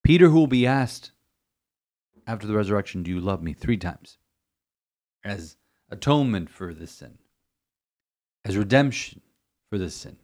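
This lowish, darkish male voice is expressive and moderately paced, with frequent pauses. He is a priest giving a homily-like podcast reflection on scripture, emphatic and repetitive, often breaking off to restart.

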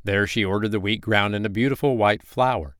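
A man reading a bedtime story aloud as a podcast host, with gentle, expressive storybook narration. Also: on the low side, a little fast, clear, resonant tone, no room sound, studio quality.

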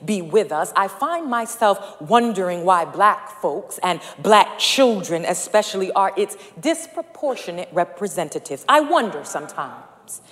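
A woman's voice: mid-range voice, expressive, unhurried, few pauses, fairly bright tone. A woman preaching a sermon in a church, speaking in rhetorical, rhythmic repetitions that build in intensity. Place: church sanctuary. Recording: long reverb of a large hall.

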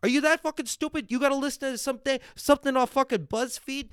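A man's voice: very high voice, quick pace, few pauses, clear, resonant tone, dry recording, clean studio sound. A man hosting a podcast on a livestream, ranting and swearing constantly while he drinks and reacts to viewers. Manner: drinks on air and reads viewer comments. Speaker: podcast host. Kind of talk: profane livestream rant. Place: at home.

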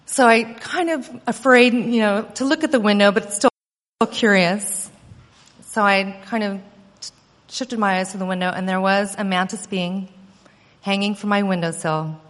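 Woman, a mother, earnest animated storyteller, middle pitch, recorded with long reverb. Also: measured pace. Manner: earnest, animated telling with quoted dialogue. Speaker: mother recounting an experience. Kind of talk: personal storytelling.

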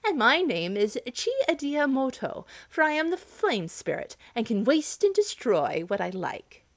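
A woman's voice: high voice, sing-song, unhurried, no room sound, voice pushed up, exaggerated voice. A woman voicing a laughing male flame spirit who boasts he can destroy anything. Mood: gloating. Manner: boastful, gloating.

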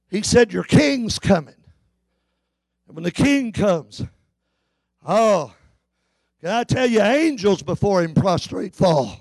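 A middle-aged male pastor preaching a sermon, talking then swelling into shouted, chanted climaxes. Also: high voice, animated, takes it slowly, pauses often, no room sound.

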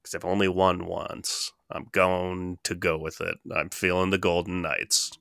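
A young man competing in a casual trivia game, trash-talking playfully and laughing while he reasons out loud. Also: low-pitched, level tone, measured pace, creaky, no echo, clean studio sound. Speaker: trivia contestant and co-host.

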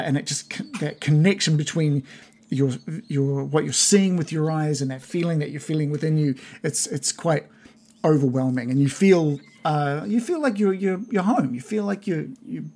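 A game master narrating a tabletop game, halting, with many restarts. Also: mid-range voice, mellow. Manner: hesitant, full of restarts.

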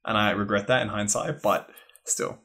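A man's voice: on the low side, steady tone, normal speed, vocal fry, pushed and bright. A man co-hosting a podcast, telling stories and laughing often in casual banter. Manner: laughs often, chatty storytelling. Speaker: podcast co-host.

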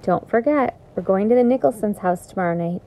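Woman reading as storybook mom: gentle, reassuring, warm, mid-pitched. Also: a little fast, natural voice, rough recording. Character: caring adult mother, gentle and practical.

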